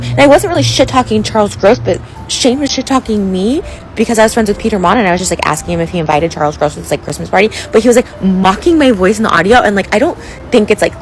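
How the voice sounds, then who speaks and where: A social media influencer, upset and close to tears, rants into a phone selfie video, rambling with lots of filler words and cutting herself off mid-sentence. Her voice is mid-range, and the rough recording carries slight background noise.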